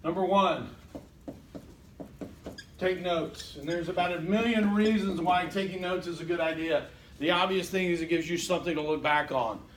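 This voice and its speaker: Higher-voiced man lecturing a class. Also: normal speed, a little hiss or hum. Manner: conversational, checks in with "okay?" and acts out listeners' thoughts. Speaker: college instructor.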